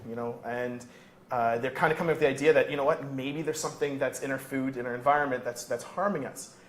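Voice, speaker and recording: A man who produces the show joins a live health debate as a guest. He rambles through his explanations and throws in jokes along the way. His voice sits in a roomy studio with a faint background hum. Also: medium pitch.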